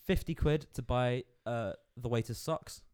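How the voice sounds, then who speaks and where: Clear-voiced man joking. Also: medium pitch, a little slow, darkish tone. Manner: playful, riffing jokes. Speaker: podcast co-host. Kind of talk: casual comedic chat.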